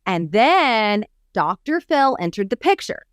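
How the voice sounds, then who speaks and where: Woman coach, podcast co-host, animated storyteller, high voice, dry close recording. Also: a little slow, smooth, no echo. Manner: animated storyteller who acts out quotes. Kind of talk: casual podcast chat.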